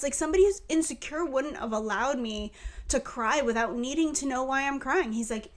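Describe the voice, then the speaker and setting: A woman co-hosting a podcast, talking candidly and earnestly in casual chat, slowing down on heavy points. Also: sits high. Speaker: podcast co-host.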